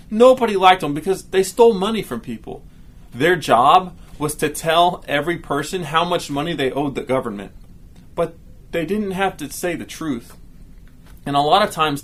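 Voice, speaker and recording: A man with a somewhat high voice teaches a kids' Bible lesson in an easy, chatty tone. He keeps it lively and often checks in with his listeners. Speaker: children's pastor.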